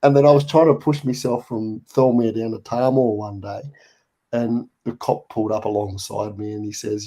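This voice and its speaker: A man's voice: fairly low pitch, fairly even intonation, normal speed, mellow. An Australian man hosting a live chat show, rambling through stories with repeated words and laughter. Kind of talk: casual live chat, storytelling.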